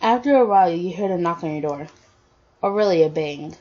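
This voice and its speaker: A woman's voice: on the low side, expressive, a little fast, darkish tone. A woman casually reading fan fiction aloud to her listeners, with slips and restarts along the way. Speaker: storyteller. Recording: dull lo-fi audio.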